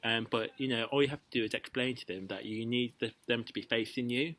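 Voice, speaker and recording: A man's voice: medium pitch, steady tone, fast talker, pushed and bright, low-quality recording. A young man giving casual, playful dating advice to camera, chatty and full of ums and restarts. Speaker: vlogger giving dating tips.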